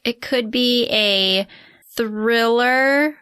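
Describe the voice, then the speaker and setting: Giggly woman co-host, slow and dry. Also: medium pitch, vocal fry, a bit bright, dry recording. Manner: giggly, easily amused. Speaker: podcast co-host. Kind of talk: casual podcast chat.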